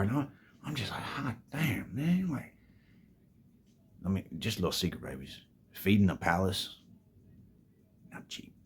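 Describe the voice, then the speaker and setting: Low-voiced dude, laid back storytime, swears a lot, calls everyone babies. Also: male voice. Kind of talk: casual storytime monologue.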